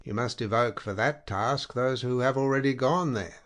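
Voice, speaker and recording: A man voicing a tired army officer in a spoken story, with a flat, dryly ironic delivery. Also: medium pitch, moderate pace, pitched above the performer's own voice, natural voice. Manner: dead, even tone with dry irony.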